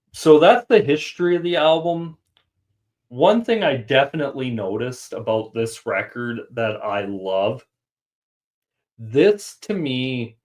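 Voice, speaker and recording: A man hosting a music podcast, chatting casually and thinking aloud with fillers. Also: medium pitch. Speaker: podcast host. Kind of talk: casual chat.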